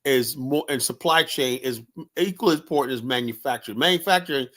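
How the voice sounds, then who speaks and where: A man hosting an online panel, calming guests and asking questions in a relaxed way. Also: medium pitch, a little fast. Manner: calming, conversational, asks questions. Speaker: panel host.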